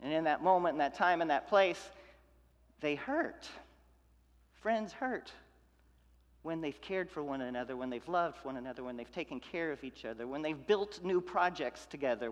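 A man preaching a sermon as pastor, building through repeated phrases and dropping to hushed, tender lines. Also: a little high. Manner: preaching with rhythmic repetition and swings from loud to hushed. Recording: long hall reverb.

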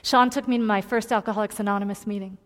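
A woman preaching a personal story in a sermon, earnest and confiding, moving between loud emphasis and hushed tones. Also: mid-range voice, fairly even intonation, fast. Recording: long hall reverb.

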